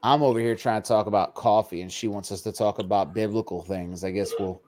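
A man's voice: fairly low pitch, fairly even intonation, brisk, mellow. A man co-hosting a casual talk show, talking in a dry, joking way. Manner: wry, joking. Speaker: podcast co-host.

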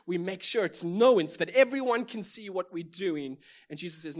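A high-pitched South African man, a pastor with a South African English accent, preaches at a moderate pace with few pauses. His sermon is emphatic, full of repeated phrases and rhetorical questions.

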